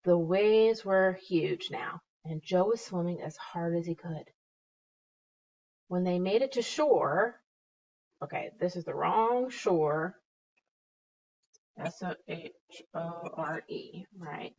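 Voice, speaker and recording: A woman's voice: fairly low pitch, animated, takes it slowly, long pauses, a little mellow, dull audio. A woman teacher walking a class through revising a story, reading drafts aloud, spelling words out letter by letter and chatting playfully as she goes.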